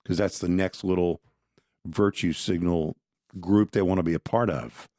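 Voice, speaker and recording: A deep, low-pitched man chatting casually on a podcast. He is opinionated and conversational, and he often stops to restart a phrase. The sound is dry and close. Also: fairly even intonation, normal speed, mellow, no echo. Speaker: podcast co-host. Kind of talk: casual political talk.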